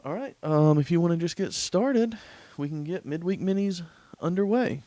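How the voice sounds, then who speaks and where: A man's voice: sits high, moderate pace, mellow, no room sound. A man co-hosting a casual podcast, goofy and joking. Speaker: podcast co-host. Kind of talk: casual chat.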